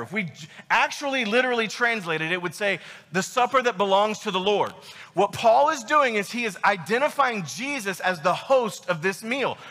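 A man's voice: high voice, bright, forceful tone, in a large hall. A man preaching a sermon as pastor, emphatic and emotional, full of rhetorical questions.

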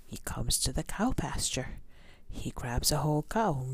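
Low-voiced woman reading a storybook. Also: measured pace, slightly rough, no echo. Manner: expressive, with sound effects and questions to listeners. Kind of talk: storybook read-aloud.

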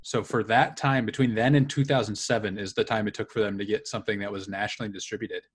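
A man co-hosting a beer podcast over a video call, chatty and quick to laugh as he reads reviews aloud. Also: fairly low pitch, fairly even intonation, husky. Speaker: podcast co-host. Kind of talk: casual chat.

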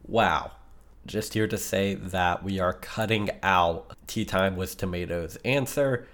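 A man's voice: deep voice, moderate pace, fairly bright tone. A man co-hosting a casual podcast, dry and laid-back. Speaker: podcast co-host and producer.

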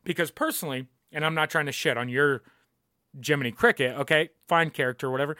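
A man's voice: fairly high pitch, animated, fast talker, fairly bright tone, no room sound, studio quality. A young man hosting a podcast, ranting casually and emphatically, swearing often and repeating his points. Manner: profane, emphatic, repeats himself.

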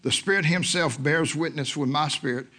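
A man preaching a sermon as guest minister, moving from quiet scripture teaching to loud shouted preaching. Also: fairly high pitch, normal speed. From Oklahoma. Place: church sanctuary.

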